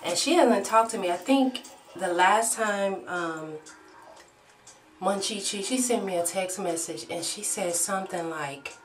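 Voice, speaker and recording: Woman, expressive storyteller who curses freely, recorded from a distance with faint music. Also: medium pitch, unhurried. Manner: animated, swearing storyteller who acts out shouted quotes. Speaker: vlogger. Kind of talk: storytime vlog. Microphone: own camera.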